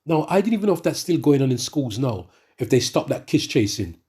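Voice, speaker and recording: A middle-aged man ranting in a monologue and reading scripture to the brethren, animated and repetitive, often stumbling over restarts. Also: medium pitch, brisk, slightly rough. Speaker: religious speaker addressing the brethren.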